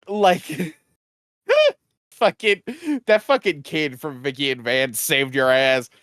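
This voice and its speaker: Dude co-hosting a podcast, voice jumps all over, laughs a ton, dry close mic. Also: male voice, a little high, slow pace, no echo. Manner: lively, laughs often, swears a lot. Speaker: podcast co-host. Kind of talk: casual chat.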